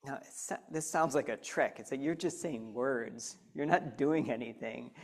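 A man's voice: medium pitch, moderate pace, creaky. A man leading a mindfulness talk, speaking conversationally and directly to a live audience with frequent questions. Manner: animated, addresses listeners directly with questions.

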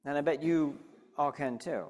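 A man with a slightly high voice gives a lively, conversational talk to a live audience. He often turns to his listeners with questions and guides them through a simple practice as he speaks. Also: normal speed. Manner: animated, addresses listeners directly with questions. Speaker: speaker leading a mindfulness talk.

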